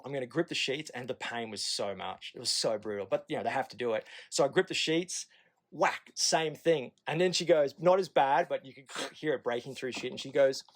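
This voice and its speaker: A man in his thirties with an Australian accent tells a long personal story on a podcast. He talks casually and frankly, swears freely and slips into quick impressions of the people around him. His voice sits at a middle pitch for a man. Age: 30s. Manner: candid and profane, acting out the nurses in quoted asides. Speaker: podcast guest.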